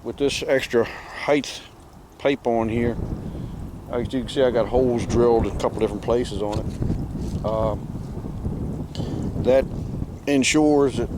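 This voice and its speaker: A man's voice: mid-range voice, fairly even intonation, a little slow, long pauses, noisy background. A man, a farmer talking casually outdoors in a pasture into a handheld camera, folksy and rambling with wry humor. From Southern Maryland, United States. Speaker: farmer vlogger. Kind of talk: casual walk-and-talk narration.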